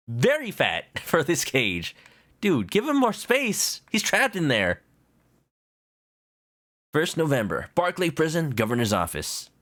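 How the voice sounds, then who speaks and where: A playful man giving casual let's-play commentary, his bright voice jumping around in pitch. He rambles with plenty of fillers. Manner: chatty, playful, lots of fillers. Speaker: streamer.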